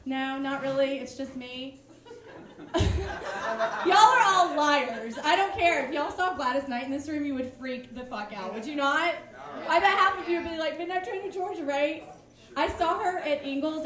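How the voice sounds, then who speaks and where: Woman, high bright register, excitable stand-up host; club room echo. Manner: bubbly, excitable, self-mocking. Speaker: comedy show host. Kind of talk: live stand-up comedy. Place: comedy club stage.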